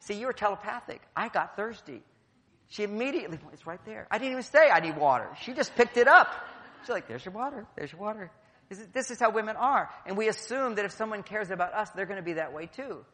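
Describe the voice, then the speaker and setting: A man's voice: high voice, lively intonation, fast, pushed and bright. A middle-aged man giving a playful, jokey talk to a live audience, acting out quotes as he goes. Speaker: speaker at a conference. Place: large hall. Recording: long hall reverb.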